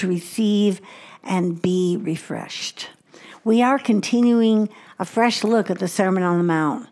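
A woman Bible teacher giving a broadcast lesson from a studio, expressive, moving between emphatic exclamations and soft, hushed asides. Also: mid-range voice.

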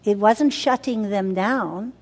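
Speaking slowly in a mid-range, slightly mellow voice, this older woman addresses mothers in a teaching talk from women's ministry. Her delivery is emphatic and repetitive, and she keeps asking the audience questions, all under a long hall reverb.

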